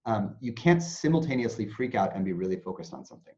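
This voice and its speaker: Guy guest explaining mindfulness stuff, super lively voice, muffled lo-fi audio. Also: fairly low pitch, fast talker. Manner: animated, acts out anxious inner voices. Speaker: interview guest, mindfulness teacher. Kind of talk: explanatory interview talk. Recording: dull lo-fi sound.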